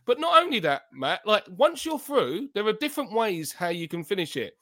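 A man's voice: sits high, very animated, normal speed, a bit bright. A man, a football podcast pundit talking in heated, emphatic casual chat and repeating his points.

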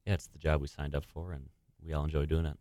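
Very deep, quick-talking man. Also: little pitch movement, a little mellow, no room sound, clean studio sound. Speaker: first responder guest. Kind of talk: casual studio interview. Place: studio.

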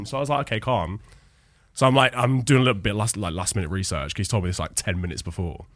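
A young British man chatting casually as a podcast guest, telling animated stories with frequent laughs. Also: on the low side, fast, no echo, studio quality. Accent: British English.

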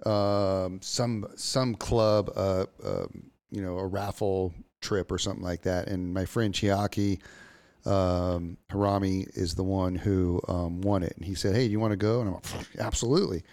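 A man with a fairly low voice hosts a relaxed podcast chat, pausing often with ums as he sets up his story. The sound is dry and close, with no room echo. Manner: relaxed, hesitant, many ums. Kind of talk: casual conversation.

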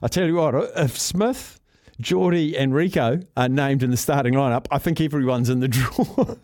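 A man's voice: mid-range voice, moderate pace, darkish tone, no echo, studio quality. A man with a New Zealand accent hosting casual sports talkback radio, laid-back and jokey as he reads out listener entries. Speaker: radio host. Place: radio studio.

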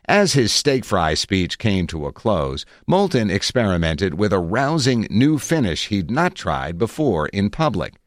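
A man narrating his own article in a reflective, measured way with wry asides, recorded on a close studio mic. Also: on the low side, big pitch swings, no room sound. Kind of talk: scripted narration.

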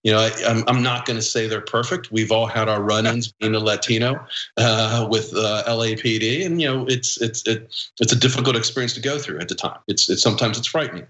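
A man from Los Angeles arguing his side as a guest in a political debate, measured and full of "you know" fillers and restarts. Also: lowish voice, sharp tone. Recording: echoey room.

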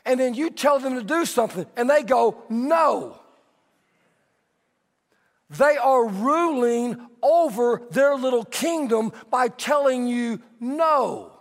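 A middle-aged man preaching a sermon as a pastor, telling stories in an animated, conversational way. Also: very high voice, a little slow, hardly any pauses. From Texas. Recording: long hall reverb.

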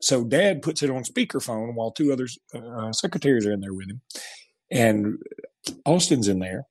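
A man's voice: medium pitch, animated, normal speed, darkish tone. A man in his forties, a show host telling a funny story in casual chat and laughing through his punchlines. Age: 40s.

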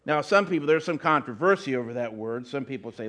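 A man's voice: mid-range voice, animated, fast talker, few pauses, fairly bright tone. A middle-aged man preaching a sermon in a conversational way, often restarting and adding asides. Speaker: pastor.

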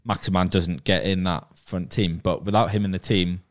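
Very low male voice, casual podcast panellist, hesitant and thinking aloud. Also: fairly even intonation, normal speed. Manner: thinking aloud, many restarts and hedges. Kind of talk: casual football podcast chat.

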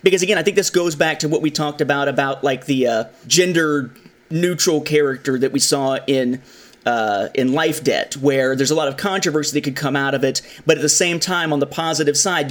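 Animated man hosting a film chat. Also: a little high, brisk. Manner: animated, acts out quoted lines. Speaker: podcast host. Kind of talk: casual film discussion.

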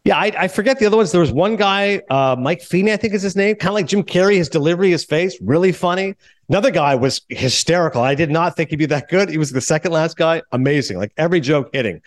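A man in his forties hosting a podcast, telling stories in a casual chat and acting out what others said. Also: a little high. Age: 40s. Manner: animated, acts out others' lines in quick storytelling. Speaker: podcast host.

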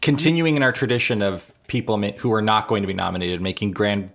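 A man's voice: lowish voice, fast talker, vocal fry, fairly bright tone. A man co-hosting a casual podcast chat, dropping wry, joking asides.

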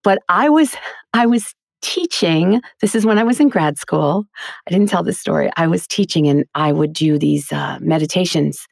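A middle-aged woman from Queens with a faint New York accent speaks in a fairly low, creaky voice at a normal pace. She's a voice actor and teacher, chatting in a casual interview as an animated storyteller who laughs often. The recording is dry and clean, with studio quality.

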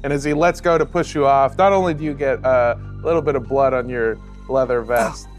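A man narrating a tabletop game as its game master, animated and laughing often. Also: medium pitch, fairly quick, soft background music.

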